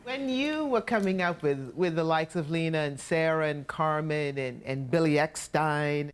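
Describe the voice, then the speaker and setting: A woman's voice: low-pitched, moderate pace, slight background noise. A woman interviewing a guest on stage, asking questions and prompting her with short affirmations. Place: stage before a live audience.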